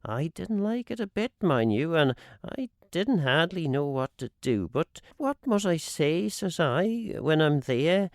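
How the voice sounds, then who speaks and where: A man reading a dialect narrative poem aloud on radio, measured and expressive, lifting and dropping his voice for the quoted speakers. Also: no room sound, studio quality. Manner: measured and expressive, swinging pitch on quoted lines. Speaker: radio reader. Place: radio studio.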